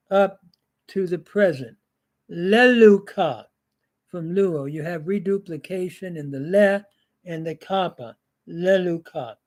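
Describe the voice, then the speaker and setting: An older man teaching a grammar lesson, drilling word forms slowly with pauses and fillers. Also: sits high, a little mellow. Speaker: Greek teacher.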